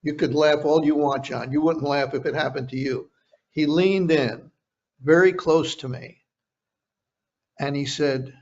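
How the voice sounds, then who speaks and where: A retired veteran journalist, an older man, tells a story in a casual interview, often restarting phrases and repeating words as he does. His voice is a little high, a little slow, and fairly even in intonation, with frequent pauses. The conversational recording sounds dull and lo-fi.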